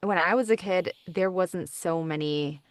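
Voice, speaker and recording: A woman's voice: fairly low pitch, measured pace, dry recording. A woman co-hosting a podcast, sharing her own experiences in an earnest way. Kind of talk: casual interview chat.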